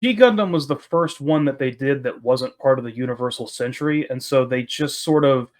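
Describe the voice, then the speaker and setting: A man's voice: mid-range voice, brisk. Man explaining with easy enthusiasm. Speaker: tabletop game player. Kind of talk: casual chat between game sessions.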